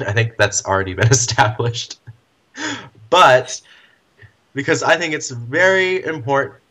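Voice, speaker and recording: A man's voice: mid-range voice, sharp tone. A man hosting a fan podcast, reading listener questions aloud in an easygoing way and laughing often. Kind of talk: casual chat.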